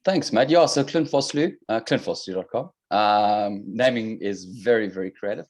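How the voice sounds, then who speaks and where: A South African-accented fitness coach joins a podcast as a guest over a video call, chatting casually with dry, joking humor. His voice sits on the low side with a darkish tone, and he speaks at a normal speed.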